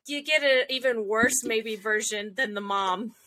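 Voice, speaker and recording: A woman's voice: a little high, unhurried, bright, forceful tone. A young woman chatting casually, recapping episodes with lots of fillers and acted-out quotes. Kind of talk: casual chat recapping an anime.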